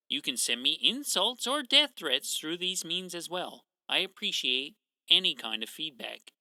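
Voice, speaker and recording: A man with an Atlantic Canadian accent hosting a solo true crime podcast, telling it in a sarcastic, profane way with dark jokes. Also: on the high side, no room sound, rough recording. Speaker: podcast host.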